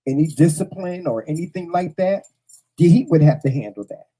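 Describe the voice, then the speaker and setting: A man speaking to his audience in a mellow, husky voice. He tells a personal story bluntly, with cursing, and hammers his points home by repeating phrases. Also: fairly high pitch, expressive, normal speed, low-quality recording. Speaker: host. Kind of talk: casual storytelling monologue to viewers.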